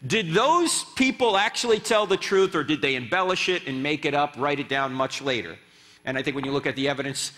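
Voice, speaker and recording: A man delivers a guest lecture in a church sanctuary, his fairly high voice swooping through a wide, animated range. His tone is bright and forceful as he quizzes the crowd and jokes with them. Long hall reverb trails after each phrase. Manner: animated, asks the crowd rhetorical questions, joking asides. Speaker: guest speaker and apologist. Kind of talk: lively church lecture with audience banter.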